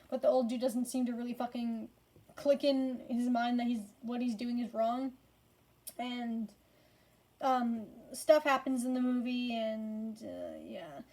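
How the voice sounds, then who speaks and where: A tired-sounding woman with a slightly high but dark-toned voice casually ranks movies. Her reviewing rambles, full of fillers and frequent swearing.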